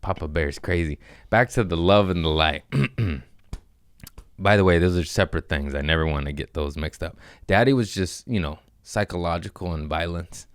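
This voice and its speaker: Deep-voiced man rambling casually. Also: normal speed, no echo, studio quality. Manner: jumps between topics, acts out voices. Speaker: podcast host, comedian.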